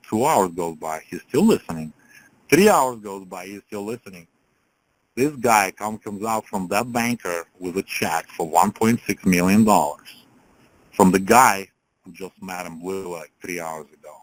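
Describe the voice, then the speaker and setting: Rambling motivational coach, low-voiced man. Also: normal speed, low-quality recording. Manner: rambling, with lots of fillers and "right?"; acts out the quoted people with shifts in pitch and loudness. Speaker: business coach on a group call. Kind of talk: motivational storytelling on a call.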